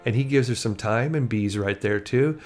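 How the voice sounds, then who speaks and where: A man tells a life story in a chatty, easygoing narration at a medium pitch. Faint music plays underneath. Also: normal speed, a little mellow. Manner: chatty, acting out quoted lines.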